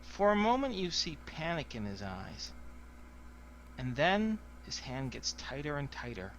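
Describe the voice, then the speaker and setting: A man's voice: fairly high pitch, very animated, unhurried, a little hiss or hum. A man narrating as game master, with lots of fillers.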